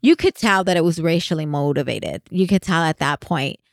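A woman co-hosting a podcast, telling a story in casual, animated chat and laughing often. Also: low voice, fairly quick, dry recording, clean studio sound. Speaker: podcast co-host.

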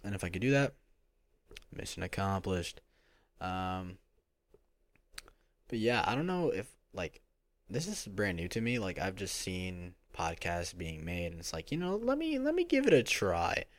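A man's voice: low voice, expressive, measured pace, long pauses, dry recording. A young man hosting his first home podcast in casual solo chat, rambling and self-conscious with lots of fillers and restarts. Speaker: podcast host. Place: home room. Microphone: home recording mic.

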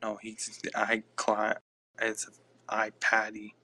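A man's voice: fairly low pitch, completely flat delivery, slow pace, pushed and bright. A man hosting a casual live podcast on his phone, rambling and reacting aloud to listener comments. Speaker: podcast host.

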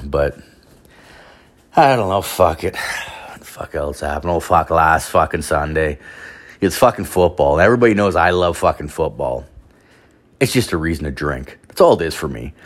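A young man hosting a podcast, telling a story in a casual, rambling way, swearing constantly and filling his talk with "like". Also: low-pitched. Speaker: podcast host.

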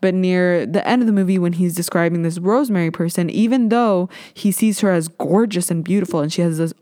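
A young adult woman hosting a casual solo podcast, talking in an animated, ranting way and swearing freely. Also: on the low side, a little fast, dry recording, studio quality. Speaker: podcast host.

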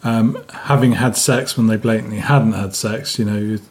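A man's voice: lowish voice, fairly even intonation, moderate pace. Wry man recalling stories on a podcast. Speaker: podcast co-host. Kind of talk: casual banter.

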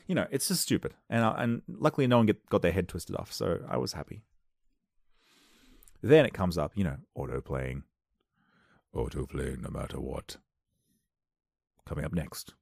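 A man doing a rambling comic monologue into a close microphone, wry and self-interrupting, with sudden loud outbursts. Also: deep voice, normal speed, creaky, long pauses, breathy edge, no room sound. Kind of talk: comedic podcast monologue. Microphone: close studio microphone.

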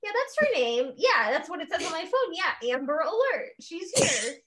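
A high-voiced woman riffs through a crude comedy podcast over a video call. She rambles and leans on filler words, keeping it loose and joking. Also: big pitch swings, normal speed, crowd noise. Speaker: podcast co-host.

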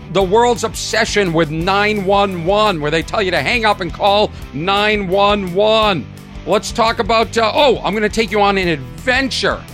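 A man hosting a solo comedy podcast early in the morning, animated and sarcastic, mock-exasperated, sleepy but energized. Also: high voice. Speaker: podcast host. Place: at home early morning, birds outside.

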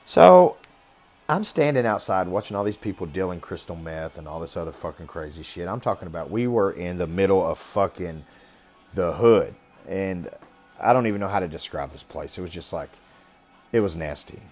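A man's voice: low-pitched, lively intonation, normal speed, a little mellow, soft background music. A man casually telling a personal story in a blunt, rambling way, swearing constantly. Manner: talks about being raised rough.

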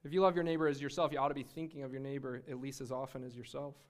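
A young man preaching a sermon in a lively, conversational way, often restarting his sentences. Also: medium pitch, rapid-fire.

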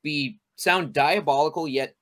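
Male podcast co-host, high-ish bright voice, very animated, profane. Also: a little slow. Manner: animated, laughing, swears freely. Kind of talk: casual chat.

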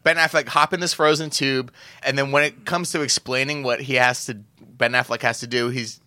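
Bright-voiced man chatting on a podcast. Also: medium pitch, fairly even intonation, fairly quick, clean tone, no echo. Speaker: podcast co-host. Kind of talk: casual film discussion podcast.

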